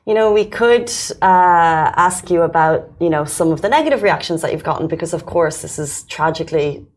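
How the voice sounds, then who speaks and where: A woman co-host with a notably low voice asks questions in a measured, thoughtful way. Her delivery is steady and deliberate. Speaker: interview co-host. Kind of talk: interview questions.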